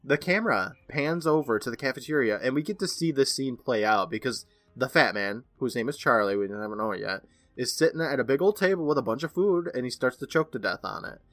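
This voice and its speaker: A man in a laid-back podcast recap, walking through a plot beat by beat and tossing questions to his co-host. His voice sits at an everyday middle pitch. The recording is dry and close, with almost no room sound. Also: expressive, a little fast, a bit bright, dry recording. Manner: playful retelling, often turns to his co-host by name. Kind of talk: casual episode recap.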